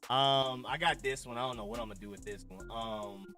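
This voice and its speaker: A man's voice: medium pitch, quick pace, bright, forceful tone. A man hosting a casual live stream, chatting in a laid-back, slangy way while he adjusts his settings. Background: faint music.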